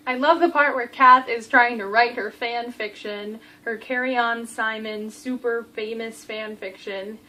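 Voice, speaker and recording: A young adult woman giving a casual book review vlog, gushing and animated, acting out the characters' lines. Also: fairly high pitch, measured pace, hardly any pauses, poor audio.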